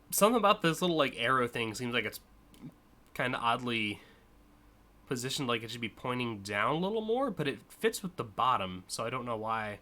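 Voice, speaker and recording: A man's voice: mid-range voice, pushed and bright. A man streaming live, casually and enthusiastically judging car designs, with frequent fillers and swearing.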